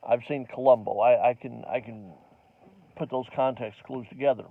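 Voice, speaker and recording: A man's voice: medium pitch, steady tone, moderate pace, vocal fry, no room sound. A middle-aged man, a comedian, telling a rambling story straight to the camera, full of digressions and self-mocking asides. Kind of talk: casual comic storytelling to camera. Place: home recording, not a stage. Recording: dry, tinny phone-like recording.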